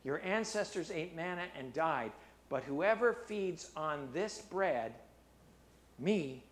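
A man preaching a sermon, reading scripture in a low, quiet voice and rising loud for emphasis. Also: lively intonation, takes it slowly. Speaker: pastor.

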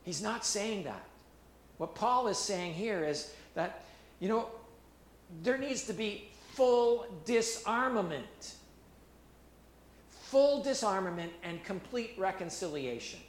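High-pitched guy preaching, emphatic, repeats himself a lot, echoey church room. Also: takes it slowly, slight background noise. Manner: animated, emphatic preaching with repetitions and restarts. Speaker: pastor. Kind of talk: sermon.

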